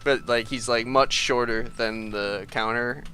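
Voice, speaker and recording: A man's voice: medium pitch, fairly even intonation, unhurried, pushed and bright, slight background noise. A man narrating as game master of a tabletop game, rambling casually with lots of "like". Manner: rambling, full of "like" and laughter.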